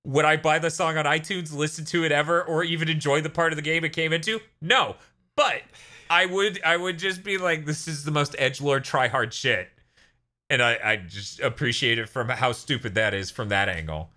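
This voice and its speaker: A man co-hosting a casual gaming podcast, animated, often laughing and slipping into silly voices. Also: fairly high pitch, a little fast. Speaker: podcast co-host.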